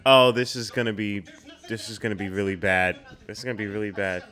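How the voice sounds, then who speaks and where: A man's voice: on the low side, steady tone, fairly quick, a bit bright, soft background music. A man hosting a reaction video, exclaiming and chatting in casual slang about what he watches.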